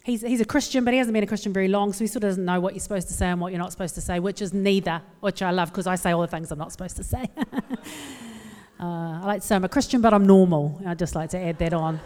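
Fast and fairly even in intonation, this New Zealand woman's lowish, darkish voice carries a self-deprecating, candid and funny personal talk to a live audience. Long hall reverb colours the recording.

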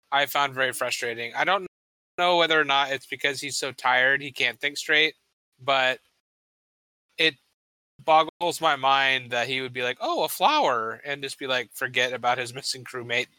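A woman's voice: very deep voice, steady tone, moderate pace, bright, forceful tone, clean tone, dry recording, low-quality recording. A woman co-hosting a podcast, talking hesitantly with many fillers as she recaps a TV episode. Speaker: podcast co-host. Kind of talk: casual chat recapping a TV episode.

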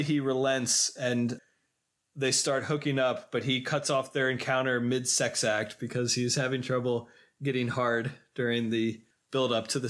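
A man co-hosting a casual film podcast, walking through the story in careful detail. His voice sits at an ordinary pitch. He often pauses on fillers as he goes. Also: fairly bright tone. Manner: detailed plot recapping with frequent fillers. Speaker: podcast co-host.

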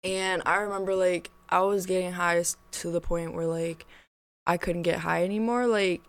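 A woman's voice: on the low side, moderate pace, clean tone, no echo. Chatty young woman, "like" after every phrase. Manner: rambling, fills nearly every phrase with "like", swears freely; grows louder and more animated as the story heats up. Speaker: guest telling a personal story. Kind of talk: casual storytelling chat.

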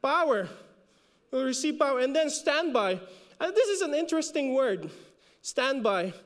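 High-voiced Filipino pastor in a reverberant hall. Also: male voice, big pitch swings, normal speed. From Philippines. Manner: repeats words for emphasis, rises in pitch when exhorting. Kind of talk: sermon.

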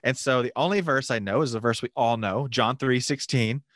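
An animated man recounting a personal story at a quick clip, his voice mid-pitched and plain. The sound is dry and close, with no room around it. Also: dry recording. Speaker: guest telling a mission story. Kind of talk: casual storytelling testimony.

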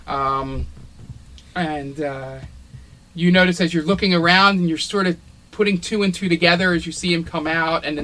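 Rambling game master, many ums. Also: male voice, fairly high pitch, bright, forceful tone, poor audio. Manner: descriptive, filler-heavy with many ums. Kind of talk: narrating a tabletop game.

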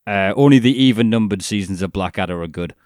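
A man's voice: fairly low pitch, fast talker, darkish tone, no room sound. A man co-hosting a podcast in casual chat, dry and sarcastic, swearing casually. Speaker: podcast co-host.

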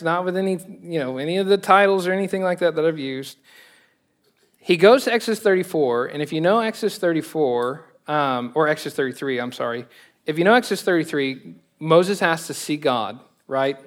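A Texan man preaching in a chatty, joking way, laughing now and then. His voice sits a bit high for a man. He drives his points home with sudden animated questions. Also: normal speed. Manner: conversational, joking, laughs often, animated emphasis. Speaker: pastor. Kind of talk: sermon.

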